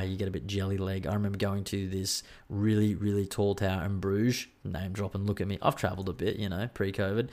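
An Australian man hosting a podcast on his own, rambling in casual chat, swearing freely and joking at his own expense. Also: on the low side. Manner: rambling, profane, self-mocking banter. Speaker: podcast host.

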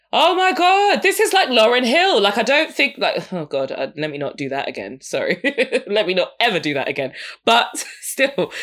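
A young woman talks through music in a loose, candid podcast style. Her voice sits a little low for a woman, and she keeps breaking into laughter as she goes. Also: a bit bright. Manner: chatty, frank, laughs often between points. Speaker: podcast host. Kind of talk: casual music review commentary.

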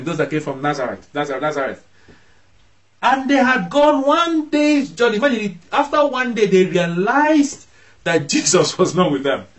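A man's voice: high-pitched, rough recording. A man preaching a sermon as pastor, emphatic, his voice rising sharply when he acts out scolding parents.

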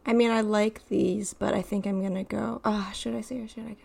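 A woman's voice: mid-range voice, level tone, brisk, creaky, darkish tone. A woman co-hosting a casual podcast, laughing easily and reacting with surprise. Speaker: podcast co-host. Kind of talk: casual chat.

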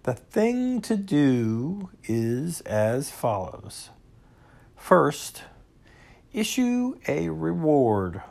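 A man's voice: a little high, huge pitch swings, drawn-out words, gravelly, a little mellow, pitched above the performer's own voice, full character voice. A man voicing a pompous, long-winded owl in a storybook reading, fond of long words. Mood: lecturing.

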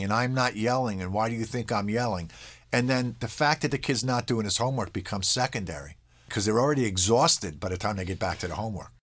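His voice sits at medium pitch with a fairly bright tone. Playing a parenting expert being interviewed, he explains in a conversational way, checks in with "all right?", and briefly mimics what kids and parents say.

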